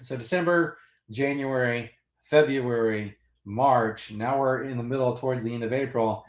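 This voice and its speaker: Animated rambling man, roomy echo. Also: medium pitch, normal speed. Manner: animated and rambling, with restarts and laughs. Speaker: comics channel host. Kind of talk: casual storytelling.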